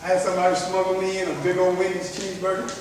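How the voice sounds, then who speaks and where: A man's voice: high-pitched, monotone, racing. A middle-aged man preaching a sermon in a folksy way, laughing often and checking that his listeners follow him. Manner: folksy, laughs often, keeps asking the crowd if they follow. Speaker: traveling preacher. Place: church sanctuary. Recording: echoey church hall, mic far off, faint hiss.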